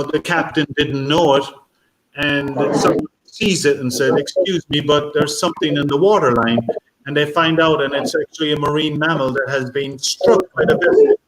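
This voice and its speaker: Halting man on a video call. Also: fairly high pitch, a bit bright. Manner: halting, many fillers and restarts, tells anecdotes. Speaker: marine biologist speaker. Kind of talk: conference talk answering questions. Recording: echoey room, faint noise.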